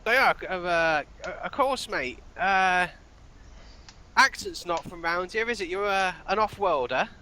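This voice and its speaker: Streetwise cabbie, matey, bright tense voice, as a man puts him on. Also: high-pitched, animated, a little slow, full character voice. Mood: cagey. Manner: matey, calls everyone mate. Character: chatty streetwise male cab driver.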